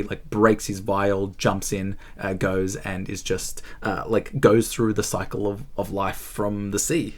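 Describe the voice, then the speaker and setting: A man's voice: on the low side, darkish tone. A man hosting a book channel, talking casually about a book he is reading, thinking aloud with frequent fillers and restarts. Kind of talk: casual spoken book review.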